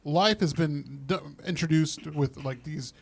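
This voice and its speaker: A man's voice: a little high, measured pace, creaky. A man co-hosting a casual podcast, joking and telling stories that trail off. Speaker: podcast co-host. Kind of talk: casual chat.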